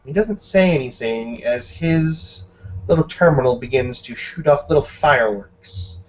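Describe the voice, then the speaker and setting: A man running a tabletop game as game master, describing the scene in a measured way. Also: mid-range voice, expressive, a little hiss or hum. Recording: dull lo-fi recording.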